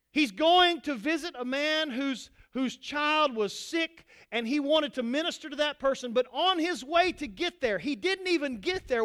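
A man preaching a sermon to his congregation as pastor, swinging between loud exhortation and quiet asides. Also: extremely high pitch.

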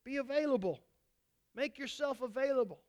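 A man preaching a sermon to his congregation as pastor, swinging between loud exhortation and quiet asides. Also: extremely high pitch, normal speed.

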